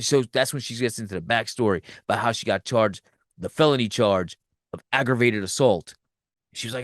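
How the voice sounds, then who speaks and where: A man hosting a podcast, retelling a film's plot in a loose, profane, animated way and acting out the characters' lines. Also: mid-range voice, fairly quick, no echo, clean studio sound. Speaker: podcast host. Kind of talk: casual movie recap.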